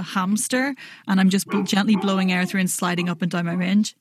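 A woman's voice: mid-range voice, little pitch movement, brisk. A woman voice coach explaining vocal technique in an interview, articulate and playful, sometimes demonstrating sounds.

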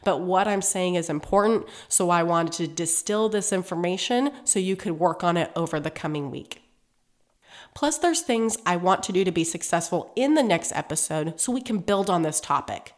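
A woman's voice: fairly low pitch, animated, moderate pace. A woman hosting a motivational podcast, talking straight to her listeners in an encouraging coaching tone, her voice nasal and congested from a cold. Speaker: podcast host.

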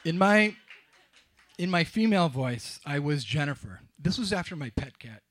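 A middle-aged man telling a wry, self-mocking personal story on stage, with halting restarts. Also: a little high, expressive, a bit bright. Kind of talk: live storytelling.

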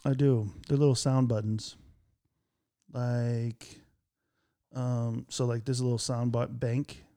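A man hosting a casual studio chat, talking in a lively, jokey way and acting out bits of his stories. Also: mid-range voice, slow pace. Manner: animated, jokey, acts out voices in stories. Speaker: podcast host. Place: office studio. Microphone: studio mic with headphones.

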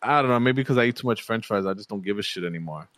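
A man's voice: lowish voice, lively intonation, rapid-fire, fairly bright tone, dry recording. Profane New guy, dry close mic. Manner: profane, rambling storyteller who acts out quoted voices. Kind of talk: casual chat.

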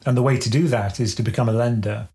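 A man co-hosting a finance podcast, explaining banking in a measured, conversational way with everyday analogies. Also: medium pitch, steady tone, warm tone.

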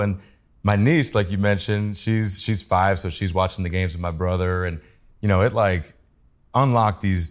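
A man co-hosting a podcast, telling a story in a relaxed, rambling way. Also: fairly low pitch. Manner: relaxed, rambling, many "like" fillers. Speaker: podcast co-host. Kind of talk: casual chat.

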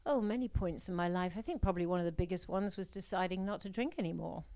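A middle-aged woman with a lowish, gravelly voice talks as a guest on a talk show. She speaks frankly and emphatically, candid about herself. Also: fast, warm tone. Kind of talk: casual interview chat.

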